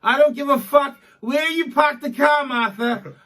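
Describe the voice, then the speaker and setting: A man's voice: very high-pitched, a little slow, sharp tone, voice pushed up, exaggerated voice. A man putting on a blunt, grumbling older man. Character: gruff older Boston man, casually bigoted.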